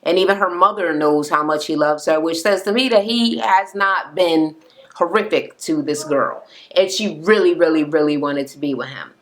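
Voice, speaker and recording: A woman with a fairly low voice recaps a reality show in a casual rant. She is blunt and swears freely. She tells the story with plenty of energy. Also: moderate pace. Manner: profane, blunt, animated storyteller. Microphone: camera-mounted recording setup.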